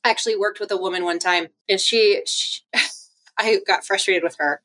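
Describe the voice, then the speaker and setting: A woman physical therapist speaks as a guest in a relaxed interview. She talks in a chatty, animated way and drops into acted-out quotes as she tells her stories. Her pitch sits in the middle range. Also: normal speed. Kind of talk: casual interview chat.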